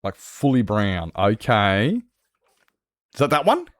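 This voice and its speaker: A man's voice: fairly low pitch, wildly swooping pitch, takes it slowly, a bit bright, no echo, studio quality. A man chatting casually on a gaming livestream, swearing freely and laughing often. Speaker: streamer.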